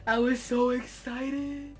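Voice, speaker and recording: A young woman telling a comic personal story in a vlog, dramatic and excitable, often raising her voice for effect. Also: sits high, takes it slowly, loud music behind the voice. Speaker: vlogger.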